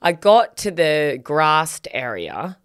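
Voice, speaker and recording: A woman's voice: deep voice, very animated, takes it slowly, clear, resonant tone, dry recording, studio quality. A woman, co-hosting a casual chat podcast and telling a story bluntly, swearing and acting out quotes. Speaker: podcast co-host.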